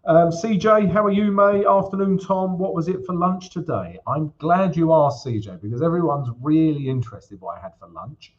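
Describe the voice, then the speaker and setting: A man's voice: fairly high pitch, animated, moderate pace, few pauses, muffled recording. A man hosting a casual live stream about forex trading, chatting loosely with viewers, often calling them guys and using lots of fillers while he walks through a chart.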